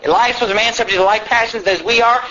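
A man's voice: very high voice, fairly even intonation, quick pace, pushed and bright. A man preaching a fiery sermon, reading old-fashioned scripture aloud and mocking people with impassioned wails. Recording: dull lo-fi recording.

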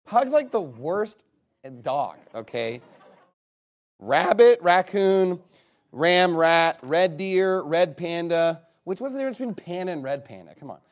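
A man leading a casual game with an audience. He reads a long list aloud and breaks it up with quick, teasing asides. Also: sits high, expressive. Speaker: game leader reading out his list to players.

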